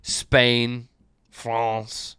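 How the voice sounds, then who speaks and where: A man's voice: mid-range voice, completely flat delivery, sharp tone, clear, resonant tone, no room sound, clean studio sound. A man hosting a casual sports podcast, teasing his cohost with a sarcastic edge. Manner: sarcastic, quick to tease. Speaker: podcast host.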